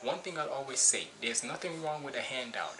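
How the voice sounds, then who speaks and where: A man's voice: medium pitch, expressive, a little fast, low-quality recording. A man hosting a music reaction video, talking casually and preachily, repeating his points for emphasis. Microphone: cheap basic mic.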